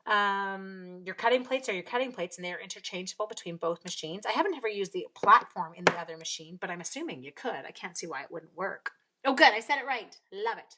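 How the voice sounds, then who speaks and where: A woman's voice: medium pitch, lively intonation, quick pace, bright, forceful tone. A woman chatting bubbly and casual through a live card-making demonstration from her home craft room. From Canada. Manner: chatty and bubbly, greets viewers. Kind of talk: live-stream crafting demo.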